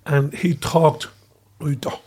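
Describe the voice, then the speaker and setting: A man with a Dublin accent telling lively stories in casual chat, laughing through his anecdotes. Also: a little high, takes it slowly, husky. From Dublin, Ireland. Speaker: guest storyteller.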